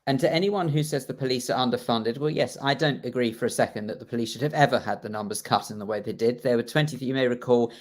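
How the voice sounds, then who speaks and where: A man holding forth on a radio talk show, emphatic and opinionated, his voice sitting at an ordinary middle pitch. He corrects himself mid-sentence and piles on his points, speaking into a studio mic. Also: quick pace, few pauses. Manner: ranting, emphatic, self-correcting. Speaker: radio co-host.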